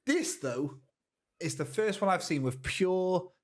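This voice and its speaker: A man co-hosting a podcast, talking in an excitable, stammering casual way. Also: sits high, takes it slowly. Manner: animated, excitable storytelling with stammers. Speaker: podcast co-host. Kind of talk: casual chat.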